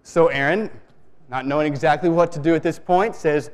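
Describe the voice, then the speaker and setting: A man preaching a sermon, telling a story in a relaxed, conversational way with many restarts. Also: fairly high pitch, moderate pace. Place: church sanctuary. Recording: long reverb of a church hall.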